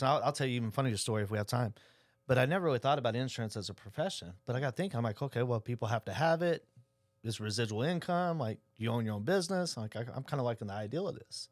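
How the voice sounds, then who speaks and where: A middle-aged man, a podcast guest who tells stories in a lively way and acts out the dialogue. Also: medium pitch, no echo, clean studio sound. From Oklahoma. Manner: animated storyteller acting out quoted dialogue. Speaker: insurance agency owner, guest. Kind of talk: casual storytelling interview.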